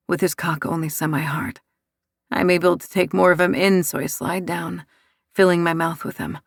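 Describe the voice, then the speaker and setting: A woman narrating a first-person romance audiobook in a soft, intimate, unhurried way. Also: on the low side, steady tone, vocal fry, dry recording, studio quality.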